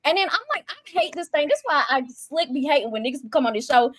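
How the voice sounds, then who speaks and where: Fast-talking heated woman ranting. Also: high voice, animated, no room sound, studio quality. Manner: fast, heated, profane, acts out quotes. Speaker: reality show reviewer. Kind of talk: casual ranting commentary.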